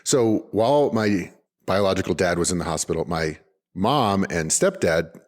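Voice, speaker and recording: A man's voice: low voice, lively intonation, normal speed. A man in his forties co-hosting a podcast, chatting casually and upbeat, rambling with lots of "like" and restarts. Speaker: podcast co-host. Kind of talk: casual unedited chat.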